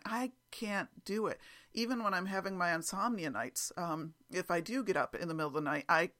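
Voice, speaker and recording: Woman, solo podcast host, bright voice, chatty, self-deprecating, laughs a lot. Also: lowish voice, moderate pace. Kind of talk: casual solo podcast chat.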